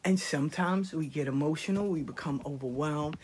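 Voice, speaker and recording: Husky older woman, passionate storyteller. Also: low voice, a little fast. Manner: animated, passionate, often drops to a whisper. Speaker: speaker giving life advice. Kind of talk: casual storytelling monologue.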